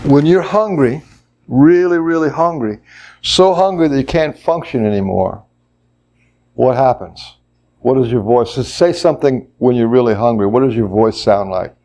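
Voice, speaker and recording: Mellow-voiced man leading a workshop. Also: medium pitch, animated. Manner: explains slowly, then acts out voices. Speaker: workshop leader. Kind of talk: workshop teaching. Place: workshop room.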